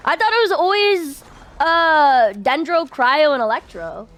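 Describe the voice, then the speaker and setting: A woman streaming her gameplay, her voice very high and bouncing all over as she gushes and squeals. She talks slowly, drawing out her excitement. Laughter keeps breaking into her reactions. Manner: gushing, squealing, laughs often.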